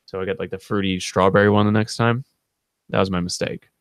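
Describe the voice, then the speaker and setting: Low gravelly dude rambling through a story on his vlog, dry close sound. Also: steady tone, fairly quick, dry recording. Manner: rambling, laid-back, full of fillers. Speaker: channel co-host.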